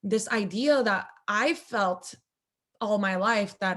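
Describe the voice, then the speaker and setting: A young adult woman speaking as a filmmaker guest in a casual interview, chatty and animated, her voice gone squeaky from a lot of talking. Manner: chatty, animated, quick asides.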